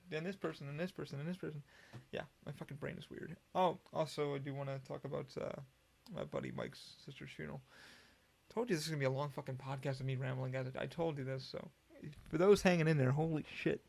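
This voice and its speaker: A man's voice: medium pitch, vocal fry. A man hosting a solo podcast, rambling casually with lots of profanity and frequent restarts. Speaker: podcast host.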